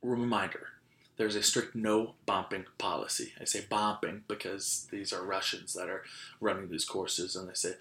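A man's voice: low voice, steady tone, normal speed, bright, forceful tone. Young man rambling through a podcast story. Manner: rambling, lots of "like" and restarts; laughs while telling stories. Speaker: podcast host.

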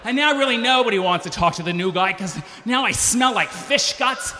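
A man telling a funny personal story live on stage, animated and acting out other people's voices. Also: fairly quick. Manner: animated, acts out voices with big pitch jumps. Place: stage before a live audience. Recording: live stage recording with long reverb.

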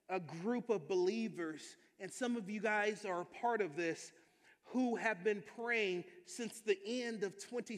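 A male pastor preaching a sermon with energetic, emphatic delivery and calls for amens to the congregation. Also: high-pitched. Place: church sanctuary. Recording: long hall reverb.

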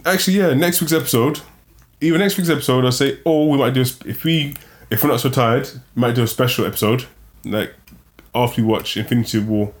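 A man's voice: mid-range voice, fast talker. Rambling man hosting a chatty podcast. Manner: rambling, upbeat sign-off. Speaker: podcast host. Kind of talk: casual chat.

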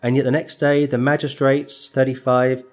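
A man delivers an expository sermon in a mid-pitched voice. He leans hard on key words and pauses for effect. He calls out verse numbers as he works through the passage. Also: flat delivery. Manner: emphatic, with slow dramatic pauses; reads verse numbers aloud as he goes. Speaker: preacher.

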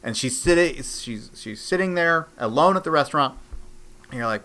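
A man co-hosting a casual comedic podcast, retelling scenes from a show and acting out the characters with big leaps in his voice. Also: moderate pace. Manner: animated, acts out scenes with big pitch jumps. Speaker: podcast co-host. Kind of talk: casual comedic recap chat.

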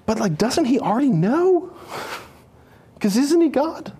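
A man preaching a lively sermon, playful and animated, acting out characters in his stories. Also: very high voice, slow, slightly rough.

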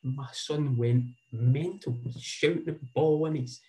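On a rough recording, a warm, unhurried, medium-pitched voice belongs to a Scottish man in his forties recounting something personal and heartfelt. His telling is earnest and wandering, with frequent repeated words.

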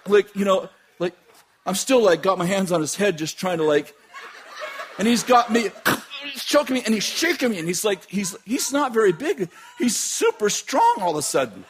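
A man preaching and telling a dramatic personal story, laughing often and shouting at the peaks. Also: high-pitched, normal speed, a little hiss or hum. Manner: animated, laughing, shouting at climaxes. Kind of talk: sermon storytelling.

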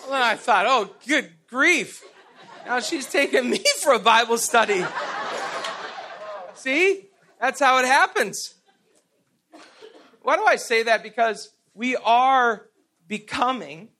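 A man's voice: very high voice, expressive, slow pace, long pauses, bright, forceful tone, a faint crowd, slight background noise. A middle-aged man preaching a sermon, telling stories with laughs and stumbling restarts. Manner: storytelling with self-deprecating laughs and repeated "and, and".

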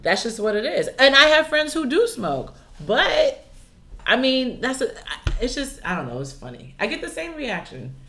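Lively chatty woman co-host. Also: high-pitched, moderate pace, slight background noise. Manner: reactive, chatty and opinionated. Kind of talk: casual conversation.

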